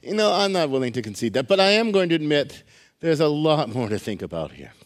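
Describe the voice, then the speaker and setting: A man co-hosting a radio show, arguing philosophy eagerly and stumbling over restarts when he is excited. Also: on the high side, a little fast. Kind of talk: philosophical debate.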